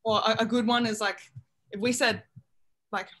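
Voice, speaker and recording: A young adult woman with an Australian accent, chatting in a relaxed way during an interview over a video call. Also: on the high side, brisk. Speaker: college basketball player. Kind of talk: casual interview chat.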